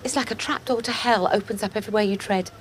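A woman's voice: medium pitch, quick pace, a little hiss or hum, natural voice. An actress playing an earnest churchgoing woman who is keen to read a passage aloud. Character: eager churchgoing woman planning a sermon.

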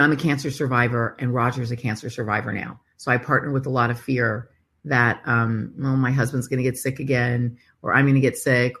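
A woman talks in a casual faith conversation, earnest and searching. She keeps circling back with "I mean, literally" as she works out what she wants to say. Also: very deep voice. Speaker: co-host of a faith talk show.

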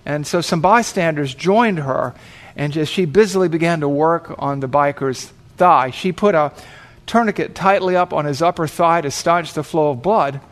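Guy preaching, slightly high voice, tells the story dramatic, acts out the voices. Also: moderate pace. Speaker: pastor. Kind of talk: sermon illustration storytelling.

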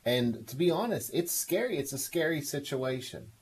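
A man's voice: fairly high pitch, lively intonation, moderate pace, slight background noise. A man hosting a call-in advice show, coaching a caller with enthusiastic encouragement. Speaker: radio show host.

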